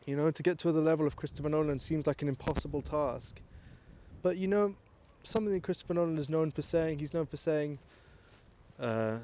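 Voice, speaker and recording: A man's voice: on the high side, fairly quick, warm tone, a little hiss or hum. An English man with a posh accent, a filmmaker musing in a rambling, self-mocking vlog monologue recorded outdoors. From England. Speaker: filmmaker, vlogger.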